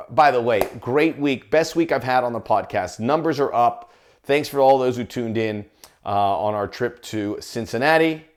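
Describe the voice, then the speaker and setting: A middle-aged man, a soccer broadcaster, talking in a jokey, chatty video monologue. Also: mid-range voice. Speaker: soccer broadcaster and podcast host.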